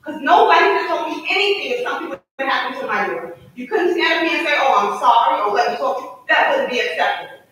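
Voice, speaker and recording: A woman giving an emotional, forceful public comment at a city council meeting. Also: high voice, big pitch swings, fast talker. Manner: emotional, forceful, rising to shouts. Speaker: resident speaking at public comment. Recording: echoey chamber, mic from a distance.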